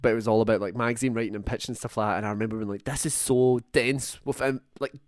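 A man's voice: on the low side, very fast, dry recording, studio quality. A young Scottish man with a Scottish accent, co-hosting a film podcast in casual chat, rambling and restarting his sentences. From Scotland. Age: young adult. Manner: rambling, self-interrupting, animated asides. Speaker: podcast co-host.

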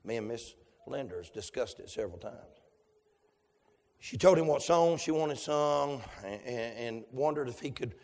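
A male preacher, delivering a fervent sermon that swings from hushed tones to shouts. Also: mid-range voice, lively intonation, normal speed, in a large hall.

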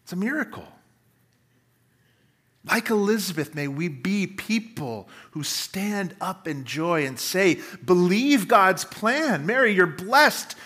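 A male pastor delivering a sermon with a high, bright voice. He preaches emphatically, slowing down for dramatic pauses and acting out the words of the people he quotes. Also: husky.

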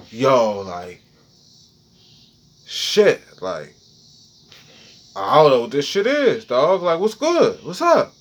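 Guy on a podcast ranting a wild story, swoops way up and down, voice kinda high for a dude, keeps repeating himself. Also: moderate pace, pauses often, faint music behind. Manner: crude, excitable, repeats words and phrases; voice jumps high when reliving panic. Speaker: podcast host. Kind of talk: freestyle storytelling monologue.

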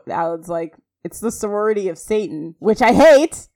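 A woman co-hosting a podcast, chatting casually and reading scene quotes aloud quickly in an animated way. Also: medium pitch. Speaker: podcast co-host. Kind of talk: casual recap chat.

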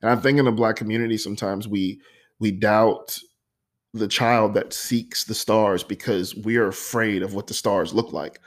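A young man reading his own poem aloud and then talking about it in an earnest, heartfelt way. He pauses often with ums and becomes openly emotional. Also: on the low side, steady tone. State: emotional, voice catching. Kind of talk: personal poetry reading with reflective talk.

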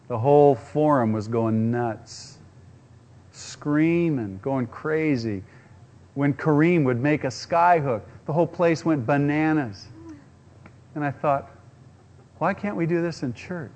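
A man's voice: a little high, slow pace, a little mellow, lo-fi sound. A man preaching a sermon, using rhetorical questions and acting out quotes. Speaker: pastor.

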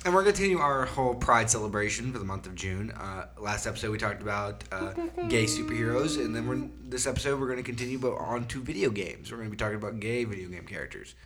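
A man hosting a casual podcast, explaining at length in a relaxed way with many fillers. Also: medium pitch, quick pace, few pauses, over music. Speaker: podcast host. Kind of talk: casual chat.

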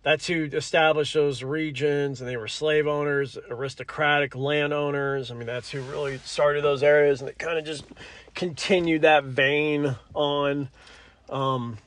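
A man's voice: on the high side, steady tone, measured pace, fairly bright tone. A man hosting a podcast in casual solo commentary. He rambles, corrects himself mid-sentence, swears, and apologizes often. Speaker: podcast host.

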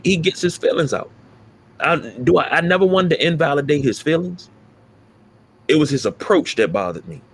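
A man's voice: fairly high pitch, breathy edge. A man co-hosting a casual sports talk podcast, emphatic and profane as he rants about players. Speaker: podcast co-host.

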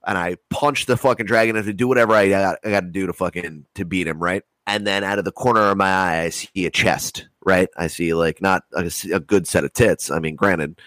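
Low-voiced dude rambling thru a story, swears constantly, dry mic. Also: male voice, a little fast, few pauses, no echo. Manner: rambling, heavy swearing, animated retelling. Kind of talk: casual storytelling chat.

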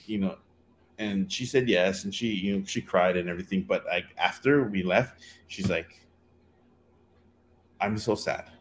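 A man tells a story in a relaxed chat. He rambles, leans on fillers and acts out quoted lines. A faint hum of the room sits behind him. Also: low voice, normal speed.

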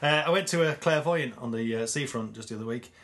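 Fast-talking jokey man. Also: mid-range voice, a bit bright. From Ireland or England. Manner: jokey, rambling, quick to laugh at himself. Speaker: podcast co-host. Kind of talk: casual chat.

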